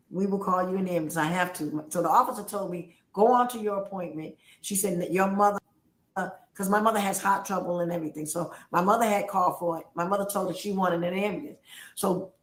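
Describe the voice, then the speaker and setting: A woman on a livestream telling a family story with emphasis, acting out the voices of the people she quotes. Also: fairly low pitch. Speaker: guest on a livestream. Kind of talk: animated storytelling. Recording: roomy echo.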